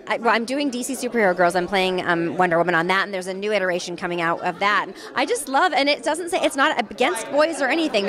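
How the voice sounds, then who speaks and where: A woman voice actress chatting as a guest in a casual interview, bubbly and chatty with frequent laughter. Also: fairly high pitch.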